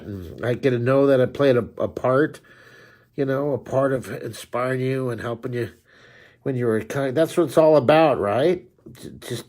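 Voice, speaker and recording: A middle-aged man, a drawing teacher, chatting live with his viewers in a friendly, rambling way with frequent restarts. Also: medium pitch. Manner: friendly, talks straight to viewers. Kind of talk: live-stream chat with viewers.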